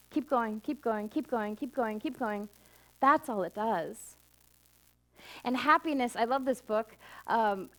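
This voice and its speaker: A middle-aged woman minister giving a conversational sermon, moving from emphatic high points to soft, intimate asides. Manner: conversational storytelling, swinging from emphatic highs to soft intimate lows.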